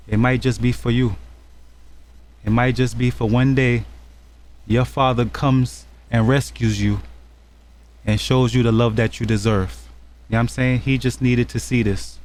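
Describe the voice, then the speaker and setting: A man talks through a video he is reacting to. He is heated and preachy, and he repeats himself as he builds his point. His pitch sits in the middle range. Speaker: commentary vlogger. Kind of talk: angry reaction commentary.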